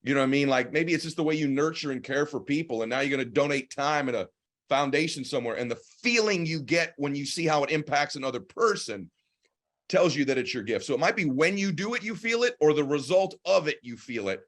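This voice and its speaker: A man's voice: on the high side, fairly quick. A man hosting a podcast, speaking in an earnest, reflective way as he adds his own thoughts to his guest's points. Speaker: podcast host. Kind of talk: interview conversation.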